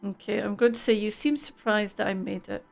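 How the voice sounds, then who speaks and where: A woman's voice: medium pitch, steady tone, fairly quick, creaky, faint music behind. A woman streaming a game live, chatting casually, laughing easily and reading the game's text aloud.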